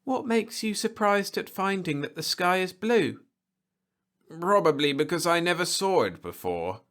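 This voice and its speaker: A man's voice: medium pitch, pushed and bright, pitched above the performer's own voice, natural voice. A man doing a listless, pampered city weakling. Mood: puzzled. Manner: listless, plaintive, mildly haughty. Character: frail, pampered, weary young city man. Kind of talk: storybook reading.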